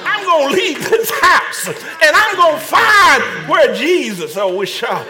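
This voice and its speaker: A man's voice: very high voice, big pitch swings, slow pace, a crowd in the background. A man preaching a fervent sermon, stammering repeated words and calling on the congregation to answer back.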